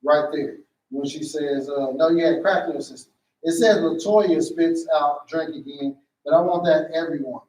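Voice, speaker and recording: A man directing a stage play rehearsal, giving blocking notes and acting out lines in an animated way. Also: normal speed, recorded from a distance. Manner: animated, acts out lines in a higher voice. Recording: echoey room, voice away from the mic.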